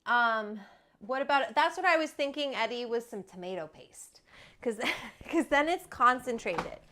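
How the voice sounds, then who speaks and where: A woman's voice: on the high side, animated, a little slow, bright, forceful tone. A woman from Alberta, Canada, hosting a casual cooking livestream in her home kitchen, chatty and rambling with casual swearing. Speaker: cooking show host.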